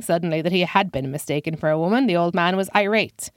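A woman's voice: fairly low pitch, fast talker, hardly any pauses, dry recording. A woman comedian telling a first-person comic story in a dry, self-deprecating way.

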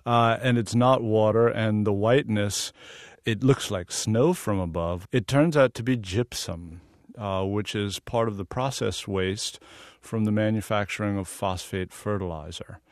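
Southern-born male interview guest, deep-ish voice, earnest explainer, dry studio sound. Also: unhurried, dry recording. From American South. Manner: earnest and explanatory, sometimes laughing. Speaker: guest photographer. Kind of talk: radio interview.

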